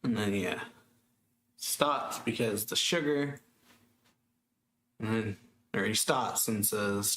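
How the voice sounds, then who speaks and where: A man's voice: lowish voice, slow pace, pauses often. A man hosting a manga reaction channel, casually retelling a chapter with lots of fillers and little laughs. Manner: rambling, filler-heavy retelling with soft laughs.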